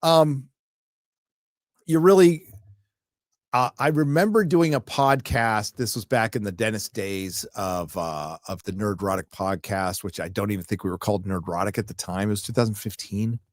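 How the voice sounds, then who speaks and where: A man's voice: on the low side, normal speed, no room sound. Profane ranting man on a dry mic. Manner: profane, ranting, sarcastic asides. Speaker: livestream host reading viewer comments. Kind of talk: casual live-stream chat.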